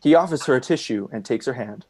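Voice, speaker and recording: A man's voice: mid-range voice, quick pace. Man reading stage directions plainly. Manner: plain, even announcing. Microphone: video call.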